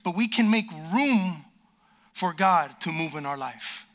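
A man preaching a sermon to a church congregation, animated and lively, acting out the voices of complainers. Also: sits high, measured pace. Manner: animated, acts out quoted complainers. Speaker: pastor. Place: church sanctuary.

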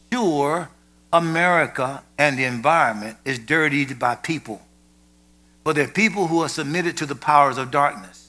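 A man preaching a sermon with emphasis, rising to shouted peaks and dropping to low, quiet asides.

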